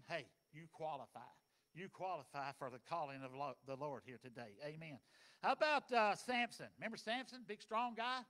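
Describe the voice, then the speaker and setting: A man preaching a sermon, folksy and dynamic, swinging between loud and soft. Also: high voice. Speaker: pastor.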